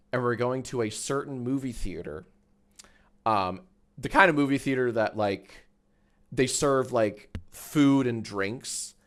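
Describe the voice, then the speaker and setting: A man chatting casually on a live stream, rambling and swearing as he reads out the chat. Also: mid-range voice.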